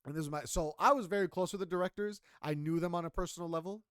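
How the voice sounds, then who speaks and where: Young male podcast co-host, casual and profane storyteller, voice sits a bit high, dry sound. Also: fast, clear, resonant tone, dry recording. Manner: animated, profane, emphatic storytelling.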